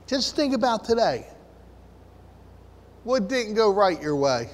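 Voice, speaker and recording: A man's voice: sits high, very animated, slow pace, in a large hall. A man preaching a sermon to a room of listeners, earnest and full of rhetorical questions.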